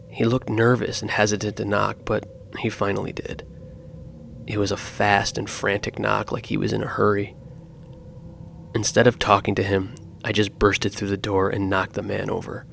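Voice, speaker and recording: A man narrating true horror stories in a slow, grave scripted style. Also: lowish voice, creaky, slight background noise.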